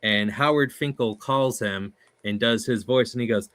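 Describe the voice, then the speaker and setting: A man's voice: medium pitch, normal speed, fairly bright tone, dry recording. Male host, casual interview, lots of ums and laughs, dry close sound. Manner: hesitant, laughs often, many ums.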